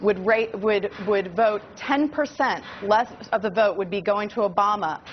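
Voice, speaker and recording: A woman's voice: mid-range voice, normal speed. A woman talking earnestly through her argument in a mid-range voice. The broadcast sound is a little dull, with faint noise underneath. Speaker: political commentator guest. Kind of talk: cable news debate.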